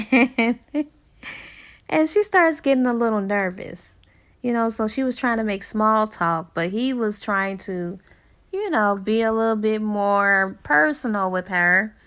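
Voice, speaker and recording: A woman's voice: mid-range voice, a little slow, a bit bright, clean tone. A woman book reviewer retelling a novel's plot in a casual, chatty way with fillers and small laughs.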